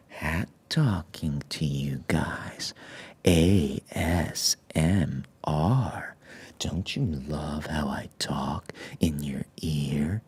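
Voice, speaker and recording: Whispered role-play, fawning hat-shop clerk played by a man, slow breathy cooing, low gravelly hush, comic ASMR bit. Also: full character voice.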